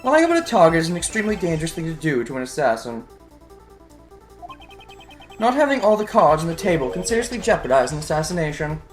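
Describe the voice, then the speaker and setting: A man voicing a calm, grave older male assassin who speaks in a slow, formal way. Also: on the high side, faint music behind.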